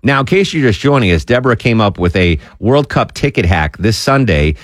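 Animated male radio host, low voice. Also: brisk, dry recording, clean studio sound. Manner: jokey, animated, puts on voices of fans. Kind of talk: casual radio talk.

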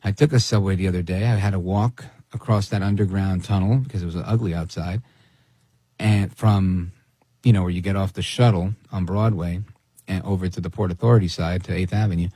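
A man hosting a talk radio show, giving opinionated commentary in a sarcastic, animated way. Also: low voice, fairly quick, husky, dry recording. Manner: animated and sarcastic, mimics people in quoted asides.

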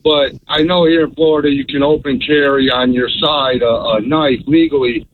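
A middle-aged man calling in to a radio show, earnest and halting, with many fillers. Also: medium pitch, fairly even intonation, slight background noise. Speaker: radio caller. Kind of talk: call-in question. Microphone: telephone. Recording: tinny phone line.

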